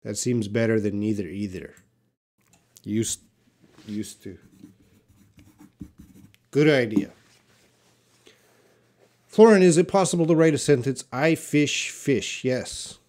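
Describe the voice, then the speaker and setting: Reading out chat questions from his viewers, a man teaching English on a live stream answers in a relaxed manner and thinks aloud, using many fillers. His mid-range voice moves slowly, with frequent pauses.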